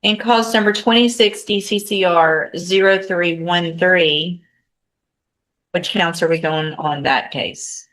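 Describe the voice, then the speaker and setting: Low-voiced woman judge in court. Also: steady tone, takes it slowly, fairly bright tone. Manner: procedural, methodical, thinking aloud between formal readings. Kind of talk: courtroom proceedings.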